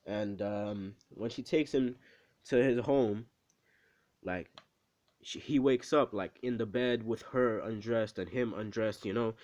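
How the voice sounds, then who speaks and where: A man's voice: fairly low pitch, a little mellow, muffled recording. Rambling man retelling an anime story. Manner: rambling, many fillers, quick asides to the listener.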